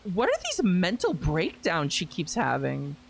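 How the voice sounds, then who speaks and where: A young woman streamer reading a visual novel aloud, expressive, with wry asides. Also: lowish voice, a little slow, vocal fry, a little hiss or hum.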